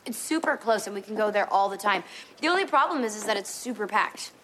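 An actress playing a mischievous, sarcastic teenage girl in a sitcom, teasing and quick with a putdown. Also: medium pitch, lively intonation, fairly bright tone, natural voice. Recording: sitcom set with background noise.

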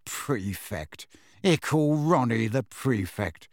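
A man's voice: fairly high pitch, unhurried, no room sound, natural voice. A man reading an audiobook, voicing a wry teenage twin boy who jokes in a dry manner.

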